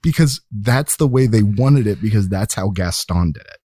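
Brief: male podcast co-host, lowish voice, dry close sound, rambling self-correcting storyteller. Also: animated, normal speed, mellow, slightly rough, no echo. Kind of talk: casual chat.

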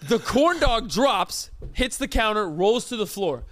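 High-voiced man telling a rant. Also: a little slow. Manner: animated, indignant storytelling with acted-out quotes. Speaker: podcast co-host. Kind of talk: casual storytelling chat.

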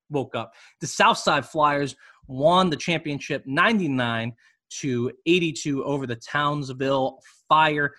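A man's voice: medium pitch, sharp tone. A man hosting a women's basketball podcast, reading ads and chatting casually with jokes and rambling asides. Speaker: podcast host. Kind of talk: casual sports podcast talk and ad reads.

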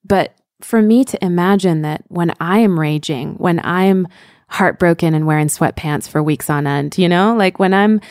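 A woman's voice: on the low side, moderate pace, a little mellow, dry recording, studio quality. A woman in her thirties, a podcast co-host, speaking candidly and earnestly about parenting. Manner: earnest, candid, with fillers like "you know". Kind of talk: reflective podcast conversation.

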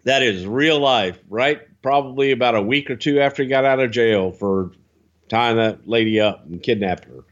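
A man on a casual podcast, animated and swearing freely as he tells a story and slips into quick impressions. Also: highs cut off. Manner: animated, swears freely, jumps into high-pitched impressions and singing. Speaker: podcast co-host telling stories.

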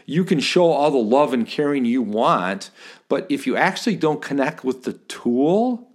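A man's voice: medium pitch, sing-song, a little slow. Reflective man in conversation. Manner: reflective, builds points step by step. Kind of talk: thoughtful conversation.

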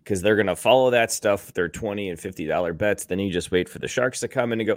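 A man's voice: sits low, expressive, fairly quick, dry recording, clean studio sound. A man co-hosting a sports podcast, cynical and swearing freely. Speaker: podcast co-host. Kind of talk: casual sports chat.

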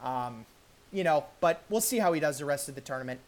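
A woman's voice: low voice, expressive, fairly quick, a little mellow. A woman co-hosting a tennis podcast, chatting casually with lots of fillers and restarts. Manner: conversational, many fillers and restarts. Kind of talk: casual sports chat.

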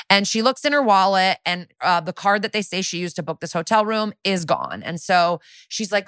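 A woman co-hosting a podcast, chatting casually as she recaps a TV episode, sarcastic and quick to act out lines in silly voices. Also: lowish voice, animated, fairly bright tone, dry recording, clean studio sound. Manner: chatty, sarcastic, acts out quotes in funny voices. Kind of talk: casual chat.

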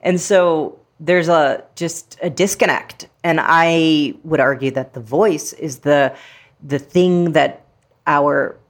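A woman's voice: deep voice, takes it slowly. A woman author speaking as an interview guest, reflective and playful, with frequent fillers. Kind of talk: casual interview talk.

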